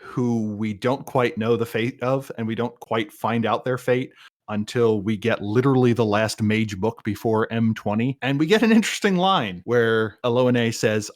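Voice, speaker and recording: A man co-hosting a casual podcast review, talking in an animated, joking way and often acting out quotes. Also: medium pitch, normal speed. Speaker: podcast co-host.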